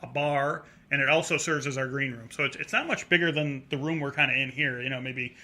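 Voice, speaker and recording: A middle-aged male comedian telling a story in casual talk, acting out a drunk heckler in a high voice. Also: fairly even intonation, a little fast, sharp tone. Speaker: comedian guest.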